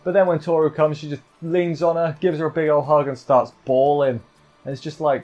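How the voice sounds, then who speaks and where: A man's voice: on the high side, flat delivery, brisk, a little mellow, lo-fi sound, soft background music. A man giving a casual, rambling anime review, joking and often correcting himself. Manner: rambling, self-correcting, jokey asides. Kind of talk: casual live review chat.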